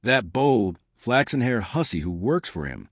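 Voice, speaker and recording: A man's voice: mid-range voice, very animated, measured pace, no echo, clean studio sound. A man reading the part of an anxious middle-aged wife in an audiobook, earnest and pleading. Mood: indignant.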